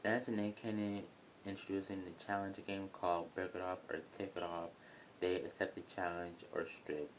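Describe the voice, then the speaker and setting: A young man with a very low voice talks through a reality show in a loose, rambling way, blunt and chatty. He records at home, and a faint rumble of planes passing overhead hums behind him. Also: rough recording. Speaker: YouTuber reviewing a reality show. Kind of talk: casual review vlog. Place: home near an airport, airplane noise.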